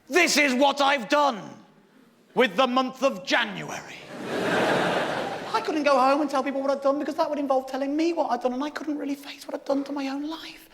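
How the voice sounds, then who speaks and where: Excitable British man doing stand-up. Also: very high voice, slight background noise. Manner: excitable, swearing, shouting punchlines. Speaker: stand-up comedian. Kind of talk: live stand-up storytelling. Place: theatre stage with audience laughter.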